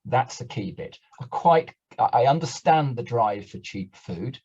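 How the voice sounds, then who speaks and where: A man from Britain speaking as a panelist on a webinar, measured and considered. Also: medium pitch, animated, darkish tone, husky. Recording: dull lo-fi webinar audio.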